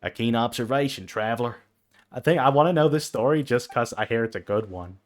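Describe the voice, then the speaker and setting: While reading game dialogue aloud on stream, a man with a medium-pitched, natural voice speaks briskly. He voices a stern female knight commander's lines in a silly cowboy accent, keeping them formal and stately.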